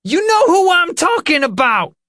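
A man's voice: very high voice, very animated, moderate pace, pushed and bright, no echo, clean studio sound, pitched above the performer's own voice, full character voice. A male narrator voicing a furious heavyset woman who shrieks crude accusations at her man in an audiobook. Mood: furious shrieking.

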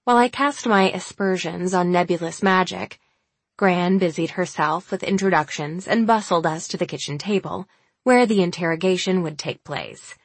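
A woman narrating a first-person novel aloud, in a measured, wry reading voice. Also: lowish voice, no echo. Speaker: audiobook narrator.

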